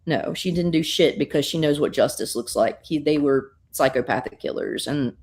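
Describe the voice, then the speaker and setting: A woman recapping a comic book in an animated, casual way, swearing freely and using lots of fillers. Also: low voice, moderate pace. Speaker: guest reviewer.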